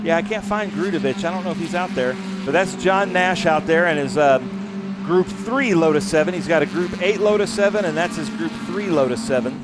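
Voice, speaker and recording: A man's voice: a little high, brisk. A man doing live motorsport commentary as a regular on the broadcast, chatty and enthusiastic about the cars. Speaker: race commentator. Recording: noisy trackside with engine sound.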